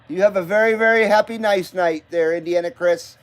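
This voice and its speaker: Speaking a little fast with a high, clean voice and barely any pauses, a man from Nevada runs a late-night live stream. He chats loosely and swears while greeting viewers by name and talking about his radio gear.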